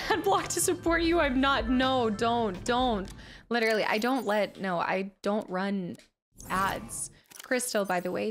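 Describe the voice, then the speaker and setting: A woman game streamer chatting casually with her viewers while she plays, laughing often and getting giddy over the game. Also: mid-range voice. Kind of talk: casual live-stream chat while playing.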